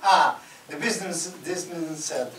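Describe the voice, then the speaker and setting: A man from Russia giving an animated public talk at a university, laughing often as he answers questions. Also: fairly high pitch, normal speed, distant mic. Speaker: guest speaker. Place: university lecture hall. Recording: roomy hall recorded from afar with noise.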